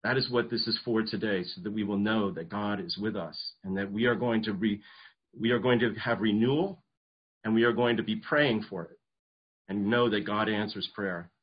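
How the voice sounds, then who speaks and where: A man's voice: lowish voice, fairly even intonation, normal speed, breathy edge, lo-fi sound. A man preaching a sermon, earnest, often restarting and repeating words as he goes. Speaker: pastor.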